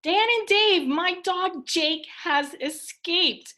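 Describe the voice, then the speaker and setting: A woman teacher voicing a worried woman neighbor who has lost her dog, reading it aloud from a children's storybook in an anxious, hurried way. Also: extremely high pitch, pushed and bright, pitched above the performer's own voice, heavily acted.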